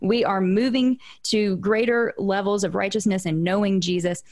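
A woman hosts a casual interview conversation, speaking at a mid-range pitch. She thinks aloud, circling back with restarts and filler words as she works toward her point. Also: fairly even intonation, moderate pace, darkish tone. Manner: reflective, frequent restarts and fillers. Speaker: podcast host.

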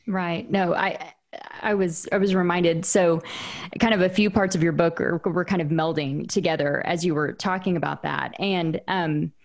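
A woman's voice: fairly low pitch, steady tone, normal speed, creaky. A woman hosting an interview podcast, talking things through in a casual, reflective way with frequent restarts and fillers. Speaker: podcast host.

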